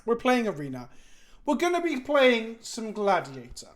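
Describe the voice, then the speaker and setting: A man's voice: very high voice, wildly swooping pitch, normal speed, slight background noise. A tired English man chatting casually to his stream viewers, rambling and self-deprecating. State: tired, sluggish. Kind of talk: casual live stream chat.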